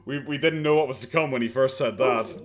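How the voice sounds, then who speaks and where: A man's voice: mid-range voice, brisk. An Irish man reacting to a video in casual commentary, rambling, sarcastic and swearing freely, often laughing. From Ireland.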